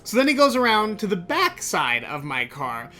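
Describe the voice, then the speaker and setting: A man hosting a podcast, telling a story in an animated, exasperated way and swearing freely. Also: high voice, moderate pace, soft background music. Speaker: podcast host. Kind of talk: casual storytelling monologue.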